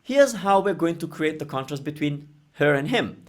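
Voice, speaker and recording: Lively, animated male teacher. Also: a little high, moderate pace. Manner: animated, emphatic, explains with Italian example phrases. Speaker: Italian language teacher. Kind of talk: explanatory language lesson.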